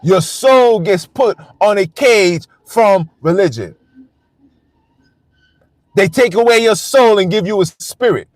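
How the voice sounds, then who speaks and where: A man's voice: high voice, lively intonation, slow, long pauses, no room sound. A man hosting a live stream, delivering a blunt, defiant and profane rant that hammers the same phrases over and over. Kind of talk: ranting monologue on a live stream.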